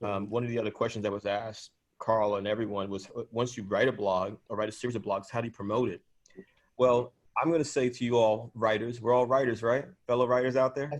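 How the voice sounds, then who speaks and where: A man's voice: on the low side, fairly even intonation, brisk. A man with a New York accent hosting an online writing workshop over a video call, speaking directly and encouragingly to the group.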